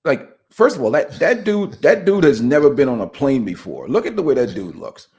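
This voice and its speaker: A man's voice: medium pitch, very animated, a little fast, darkish tone. A man talking as a guest on a livestream in a rambling, incredulous way. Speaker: co-host guest. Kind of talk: casual chat.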